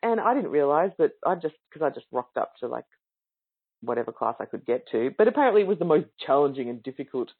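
A woman's voice: medium pitch, vocal fry, husky. Chatty woman on a tinny phone-like line. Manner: chatty and enthusiastic, acting out quoted voices. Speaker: yoga student speaking to yoga teachers. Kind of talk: casual spoken anecdote. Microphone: online call or webinar audio. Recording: narrow phone-like sound.

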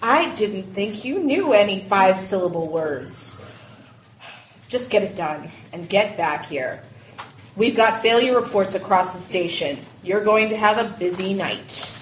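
A woman's voice: mid-range voice, lively intonation, measured pace, lightly acted. A woman acting as a screeching, foul-mouthed dispatcher. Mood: scornful. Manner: barking insults in bursts. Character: foul-mouthed, short-tempered female radio dispatcher. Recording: echoey far-off room with faint noise.

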